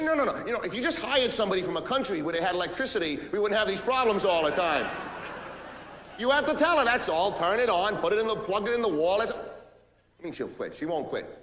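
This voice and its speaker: A man playing a loud, pushy, self-pitying business executive, barking sarcastic lines into a phone in a stage monologue. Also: high voice. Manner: barking, sarcastic, rapid-fire phone rant. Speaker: stage actor in a one-man play. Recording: echoey hall with long reverb, faint ambience.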